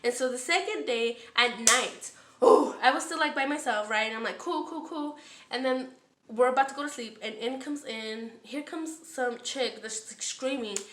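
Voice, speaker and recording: A woman's voice: on the high side, moderate pace, fairly bright tone, roomy sound, slight background noise. Chatty, profane woman telling a story. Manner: chatty and profane, full of "like" and acted-out quotes. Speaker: storytime vlogger. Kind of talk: casual storytelling.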